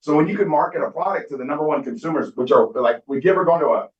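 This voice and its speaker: A man's voice: a little high, racing. A middle-aged man giving a motivational business talk on stage, telling stories and acting out quoted dialogue. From Southern California. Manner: storytelling, acts out quoted dialogue. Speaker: skincare business speaker. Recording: distant, echoey, dull hall recording.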